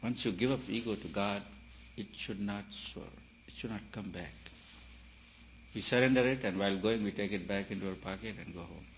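Emphatic low-voiced man giving a spiritual talk. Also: moderate pace. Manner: emphatic, repeats phrases, rises and falls in loudness. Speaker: spiritual teacher. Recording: dull lo-fi recording with faint hiss.

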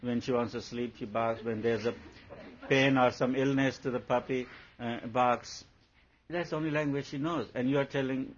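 A spiritual teacher, speaking at a middling pitch with a playful, teasing manner and frequent laughter. The recording sounds dull and lo-fi, with a faint hum underneath. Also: male voice, steady tone, unhurried. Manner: playful, laughing, acts out scenes. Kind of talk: spiritual talk to followers.

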